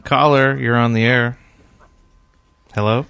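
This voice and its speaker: A male co-host taking calls on a talk show with deadpan, self-deprecating humor. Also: medium pitch, slow pace, gravelly, clear, resonant tone, dry recording. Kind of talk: casual radio talk.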